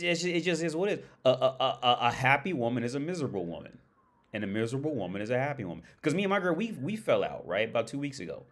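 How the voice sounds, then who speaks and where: A young man talking on his own livestream in a loose, rambling monologue. He stumbles and restarts often, repeating words, and swears freely. His pitch sits in the middle range. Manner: rambling, repetitive restarts, profane. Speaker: livestream host.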